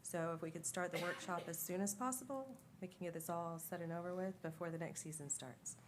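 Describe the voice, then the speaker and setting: An older woman steps to the podium and speaks politely but directly. Her voice is somewhat low, with faint room ambience behind her. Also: fairly quick, a little hiss or hum. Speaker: public commenter.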